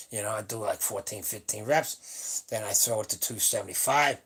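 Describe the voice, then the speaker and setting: A man's voice: fairly low pitch, expressive, brisk, hardly any pauses, slightly rough. A man in his seventies, host of a live stream, talking casually in a blunt, rambling and salty way. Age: 70s. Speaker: powerlifting channel host. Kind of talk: casual livestream chat. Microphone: webcam or phone on a live stream.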